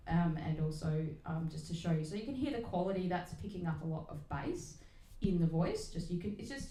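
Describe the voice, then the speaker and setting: A woman's voice: sits low, darkish tone. A woman, a singer, chatting casually and a bit self-deprecatingly while demonstrating microphones in her home recording setup. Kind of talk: casual demo talk. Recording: echoey room, faint noise.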